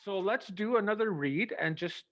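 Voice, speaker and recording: Animated male theatre director on a lo-fi line. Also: high voice, moderate pace. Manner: animated, acts out lines, chuckles often. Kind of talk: giving rehearsal notes. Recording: dull, dry lo-fi sound.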